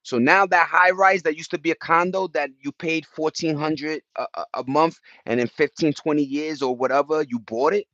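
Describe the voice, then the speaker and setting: A man's voice: on the high side, steady tone, normal speed, few pauses, bright, forceful tone, dry recording, lo-fi sound. New York man chatting on a livestream. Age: 40s. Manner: streetwise slang, greeting chat viewers by name. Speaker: livestream host. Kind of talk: casual livestream chat.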